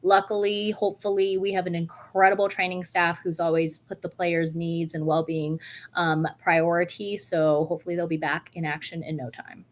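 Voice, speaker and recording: A woman co-hosting a casual chat show, reading out updates with fillers and pauses. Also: lowish voice, little pitch movement. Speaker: co-host.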